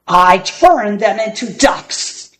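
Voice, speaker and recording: A menacing old magician, cold and unhurried, drawing out every word in a low growl, as a woman reading a storybook puts him on. The voice carries a roomy echo around it. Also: animated, fairly bright tone, slight background noise.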